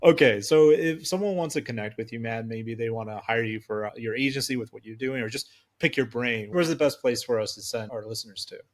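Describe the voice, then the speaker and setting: An easygoing man hosts a podcast interview in a relaxed, casual tone. He laughs often and keeps the chat friendly as he asks his questions. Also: medium pitch, fairly quick, few pauses. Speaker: podcast host.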